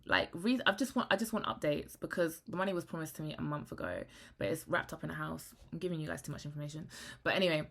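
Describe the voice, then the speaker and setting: A young woman, talking frankly to camera in a rambling, animated vlog. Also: sits low, fairly quick, gravelly. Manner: rambling, frank and animated, often trailing into hushed asides. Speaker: vlogger.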